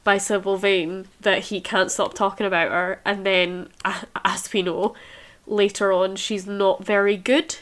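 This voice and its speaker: A woman talks casually about a novel she loves. She sounds amused and halting, with plenty of fillers, and her pitch sits at a middling level. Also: little pitch movement, fairly bright tone.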